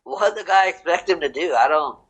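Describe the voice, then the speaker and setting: A man's voice: a little high, animated, brisk, fairly bright tone, poor audio. A man co-hosting a casual sports podcast, joking and mocking as he talks. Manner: joking, mocking, acts out quotes. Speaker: podcast co-host.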